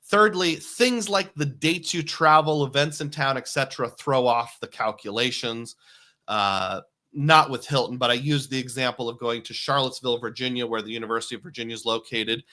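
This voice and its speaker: Bright-voiced man hosting a live stream. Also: medium pitch, moderate pace. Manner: chatty, reads viewer comments aloud and laughs often. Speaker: livestream host. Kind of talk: casual live-stream chat.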